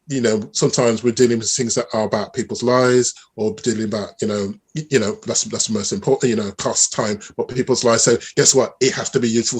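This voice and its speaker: Man, middle-aged, husky voice, lively storyteller, interview guest. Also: mid-range voice. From Birmingham, England. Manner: animated storyteller, many restarts. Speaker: mathematician guest. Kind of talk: conversational interview.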